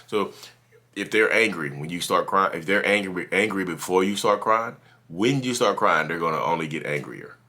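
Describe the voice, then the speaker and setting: A man talks straight to camera in a casual advice monologue, circling back over his points and often restarting his sentences. His voice sits very low yet has a bright, forceful edge. He turns animated when he acts out what other people say. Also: moderate pace. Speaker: YouTube channel host.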